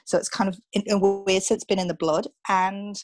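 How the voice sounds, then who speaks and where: A woman's voice: medium pitch, normal speed, no room sound. A woman, a relocation coach, giving upbeat advice in a casual interview. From England. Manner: upbeat, animated, coaching asides.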